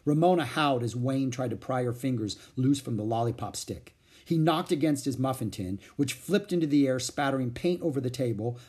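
A man's voice: mid-range voice, slightly rough. A man reading a children's book aloud, narrating expressively. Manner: expressive, animated voices. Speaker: storyteller.

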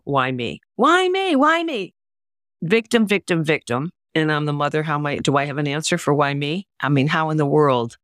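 A woman's voice: low-pitched, no room sound, studio quality. Earnest older woman telling stories. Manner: earnest, emphatic, acts out quoted voices. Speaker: memoir author and writing teacher. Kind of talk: interview storytelling.

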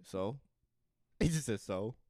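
A man's voice: fairly low pitch, expressive, moderate pace, dry recording, clean studio sound. A man co-hosting a comedy podcast, telling a story and acting out both sides with laughter. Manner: acts out both sides of scenes, laughing often. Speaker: podcast co-host. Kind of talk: comedic storytelling with character voices.

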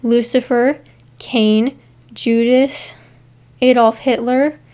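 A woman's voice: a little high, fairly even intonation, takes it slowly, mellow. A woman co-hosting a casual podcast, reading case notes with asides and frequent ums. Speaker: podcast co-host. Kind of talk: casual true-crime podcast chat.

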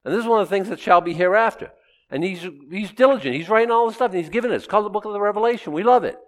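Animated middle-aged male preacher. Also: high voice, very fast. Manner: animated, conversational Bible teaching with sudden loud rises. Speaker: pastor. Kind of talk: sermon.

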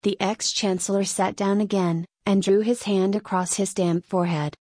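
A woman's voice: medium pitch, steady tone, moderate pace, darkish tone, husky, no room sound. Woman narrating an audiobook, dry sound.

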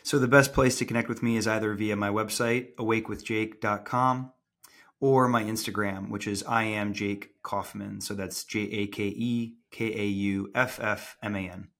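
A man who works as a transformation coach, answering interview questions calmly in a measured way. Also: lowish voice.

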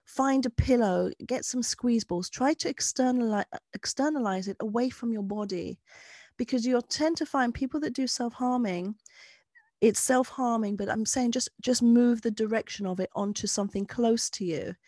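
A woman's voice: on the high side, normal speed, mellow, dry recording. A woman guest who works with clients, giving earnest, frank advice in a podcast conversation. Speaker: guest therapist speaking of clients.

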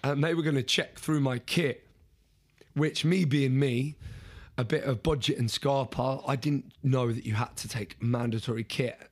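A man telling a story as an interview guest, in a casual, animated way, repeating words and restarting sentences. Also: medium pitch, moderate pace, husky.

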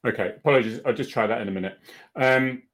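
A man's voice: medium pitch, fast, fairly bright tone. A man co-hosting a live online chat in a joking, chatty way, easily flustered by technical trouble. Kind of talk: casual live-stream chat.

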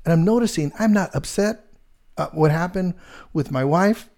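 A middle-aged man, a real estate agent, telling a story in casual chat, rambling and animated with lots of fillers. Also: high-pitched, normal speed.

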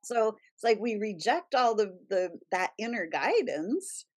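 A woman's voice: mid-range voice, big pitch swings, measured pace, breathy edge. A woman hosting a spiritual talk show, speaking animatedly and acting out the inner voices she describes. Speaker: podcast host. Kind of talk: casual spiritual conversation.

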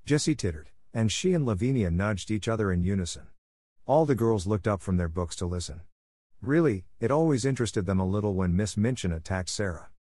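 A man with a lowish voice narrates an audiobook in a steady, measured manner. The scripted narration is a dry recording with clean studio sound.

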